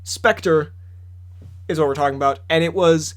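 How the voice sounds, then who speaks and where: A young man co-hosting a podcast, telling stories in casual chat and laughing often. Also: on the high side. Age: young adult. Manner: laughs often, quick storytelling. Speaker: podcast co-host. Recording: slight background hum.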